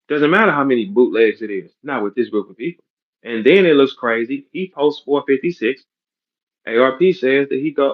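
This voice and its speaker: Blunt, profane man with dull audio. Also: medium pitch. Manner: blunt, profane, street slang. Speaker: battle rap league owner. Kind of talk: heated podcast rant.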